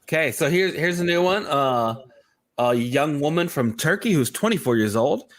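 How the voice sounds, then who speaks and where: A man co-hosting a morning show, chatting and reading out quirky news items. His delivery is halting and full of restarts, and his pitch swings widely as he talks. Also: animated. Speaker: radio show co-host. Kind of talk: casual morning show banter.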